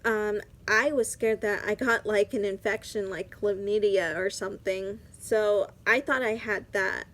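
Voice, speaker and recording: A woman's voice: mid-range voice, fairly even intonation, unhurried, fairly bright tone. A young woman vlogger telling a personal story in a casual, chatty way, full of "like" fillers.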